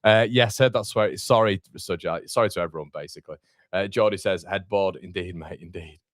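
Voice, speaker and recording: A man's voice: low voice, a little fast, dry recording, studio quality. A young man hosting a live football watchalong, chatting casually and reading out viewer comments. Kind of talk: casual live-stream chat. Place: home room.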